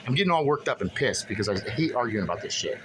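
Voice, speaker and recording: A man's voice: mid-range voice, big pitch swings, fast talker, background noise. A man venting to the camera in a casual vlog, agitated and profane, rambling with many restarts as he reads through paperwork. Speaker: vlogger.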